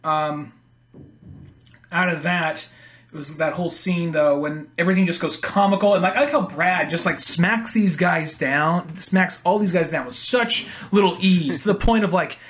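A man chatting casually about a film, animated and profane, often laughing. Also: on the high side, normal speed.

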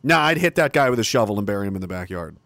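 A man's voice: lowish voice, animated, rapid-fire, fairly bright tone, no echo. A middle-aged Canadian man delivering a combative, profane, mocking monologue. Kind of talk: ranting monologue.

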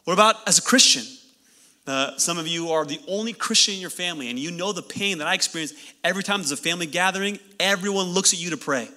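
A pastor in his thirties preaches with a very bright, forceful tone that sits a little high for a man. He delivers his sermon in an animated way, mixing earnest points with joking asides to the congregation. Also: quick pace.

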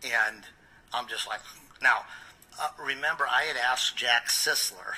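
A man who is a pastor, telling a first-person story with intensity, quoting dialogue back and forth and sometimes dropping to a hushed voice. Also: mid-range voice, takes it slowly, husky, low-quality recording.

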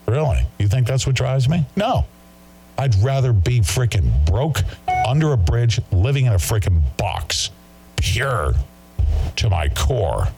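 A man's voice: mid-range voice, very animated, a little slow, a little mellow, soft background music. A man hosting a talk show, ranting in an agitated way and mocking his critics. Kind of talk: heated monologue.

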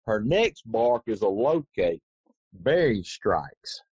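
A man's voice: lowish voice, slow pace, breathy edge, no room sound. Folksy man spinning a yarn. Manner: rambling, folksy, animated retelling. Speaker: interview guest. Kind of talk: casual anecdotal storytelling. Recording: dry, dull lo-fi recording.

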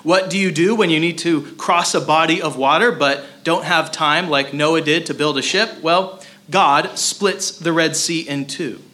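A man's voice: on the high side, steady tone, measured pace, bright, forceful tone. A man preaching a sermon in a conversational way, with many filler sounds as he explains a Bible passage. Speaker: pastor.

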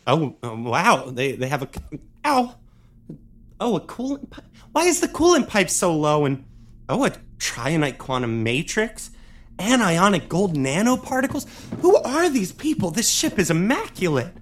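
A man's voice: high-pitched, big pitch swings, a little slow, exaggerated voice. A man voicing a flustered young man who rambles and stammers to himself in an audio drama. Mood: curious. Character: jittery young male ship thief-chaser, easily flustered.

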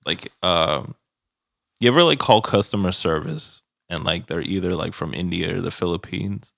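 Male podcast co-host, nasal and low with some fry, dry close mic, loose chatty delivery. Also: moderate pace, fairly bright tone, dry recording. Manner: laughs often, mimics callers. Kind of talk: casual chat.

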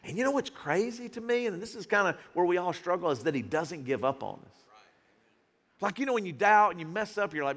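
A male pastor preaches with a high, lively voice that leaps up and down. His tone is bright and forceful and his talk is casual and full of slang. A long church reverb trails each phrase. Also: fairly quick. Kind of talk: sermon. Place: church sanctuary.

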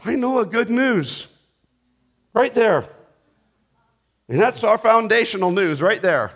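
Slow, dramatic preacher with a higher voice. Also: male voice, animated. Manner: dramatic, swinging between loud bursts and hushed asides. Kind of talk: sermon.

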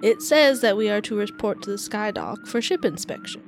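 A woman's voice: fairly high pitch, huge pitch swings, moderate pace, a little hiss or hum. A woman voicing a polite, earnest female adventurer cadet with a Southern US accent. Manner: courteous, formal address.

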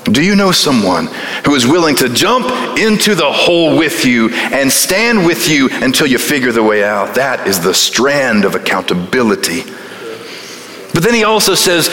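Bright-voiced preacher in an echoing hall. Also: male voice, mid-range voice, sing-song, unhurried. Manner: folksy, emphatic, with rhetorical questions. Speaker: pastor. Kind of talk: sermon. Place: church sanctuary. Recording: echoey church sanctuary with long reverb.

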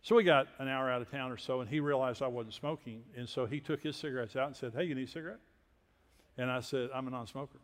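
An older man from Texas, a preacher telling personal stories in a sermon with folksy, self-deprecating humor and quiet asides. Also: mid-range voice, quick pace. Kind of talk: sermon storytelling. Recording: long hall reverb.

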